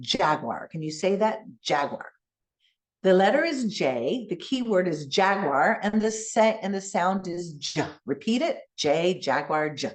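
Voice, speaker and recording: Animated bilingual woman teaching phonics. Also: mid-range voice. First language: Spanish. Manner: animated teacher voice, modeling sounds slowly. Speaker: keynote speaker. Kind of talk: conference keynote with classroom demonstration.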